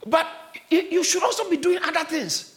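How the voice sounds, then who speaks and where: A man preaches to his church in a strikingly high, bright voice. He spells words out and explains them, and he rises into shouts and laughter as he presses his point. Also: animated, a little fast. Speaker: pastor. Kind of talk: sermon.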